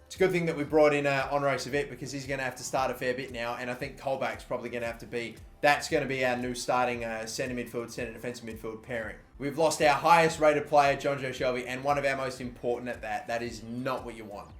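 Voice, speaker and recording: A young man giving casual commentary over a football video game, excitable and swearing when annoyed. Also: medium pitch, quick pace, hardly any pauses. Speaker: gaming YouTuber. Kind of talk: gameplay commentary. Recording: echoey room with faint ambient noise.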